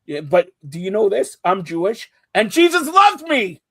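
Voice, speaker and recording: A man hosting a casual sports talk show, loud and teasing, joking with his co-hosts. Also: sits high, big pitch swings, moderate pace, no room sound. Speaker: show host.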